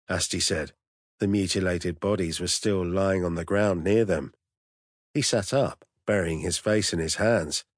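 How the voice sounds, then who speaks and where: A man narrating an audiobook in a steady, measured storytelling voice. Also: low-pitched, dry recording, clean studio sound. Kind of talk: scripted narration.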